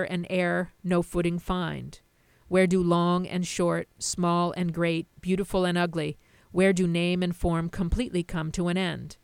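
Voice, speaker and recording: A woman voicing the Buddha as a calm, measured male teacher. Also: fairly low pitch, clear, resonant tone, no echo. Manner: measured, corrective.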